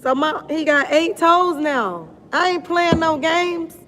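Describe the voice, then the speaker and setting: A middle-aged woman wellness coach chatting casually on a live stream, animated and blunt, laughing often and talking in slang. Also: very high-pitched, slow pace, a little hiss or hum.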